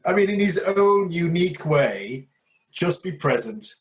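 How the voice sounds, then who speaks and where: A man from England, co-hosting a podcast, telling a story in a relaxed way with fillers. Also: on the high side, measured pace. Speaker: podcast co-host. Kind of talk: casual storytelling chat.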